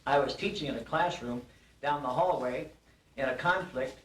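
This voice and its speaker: A man's voice: medium pitch, normal speed, fairly bright tone, slight background noise. An older man giving an acceptance speech at a banquet, telling a folksy animal joke in a storytelling manner. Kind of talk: after-dinner speech with a told joke. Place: banquet hall. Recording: roomy hall recording from a distance.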